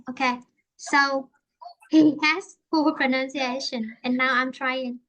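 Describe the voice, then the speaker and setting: Give me a high-voiced Vietnamese woman teaching English. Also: fairly even intonation, a little slow, bright, forceful tone. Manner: explains with many fillers and restarts. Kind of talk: online English lesson, mixing Vietnamese and English.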